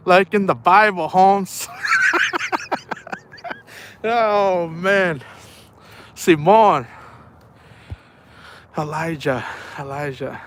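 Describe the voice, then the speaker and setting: A man's voice: high voice, drawn-out words, pauses often, fairly bright tone, slight background noise. A young man chatting casually on a night fishing live stream, playful and laughing often while reading chat aloud. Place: outdoors at night by the water.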